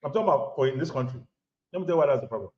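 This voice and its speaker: Emphatic Nigerian man lecturing, lively pitch. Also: racing. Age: 30s to 40s. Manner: emphatic, preachy, repeats lines for stress. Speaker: vlogger giving relationship advice. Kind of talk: lecturing monologue to camera. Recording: roomy, dull lo-fi audio.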